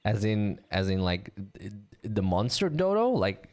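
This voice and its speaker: A man's voice: lowish voice, big pitch swings, unhurried, a little mellow. A man casting a live online game match, chatty and joking with his co-caster and the audience. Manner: chatty, joking, easily amused. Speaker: esports caster.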